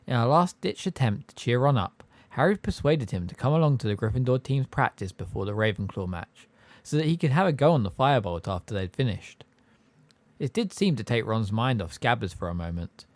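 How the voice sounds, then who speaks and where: A man narrating an audiobook in an expressive storybook style. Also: mid-range voice, brisk, no echo. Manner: expressive, varied delivery. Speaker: audiobook reader.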